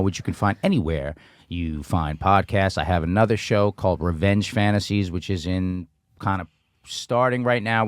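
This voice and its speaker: A man's voice: low voice, no room sound. A male comedian as a podcast guest, laid-back and wry in casual chat.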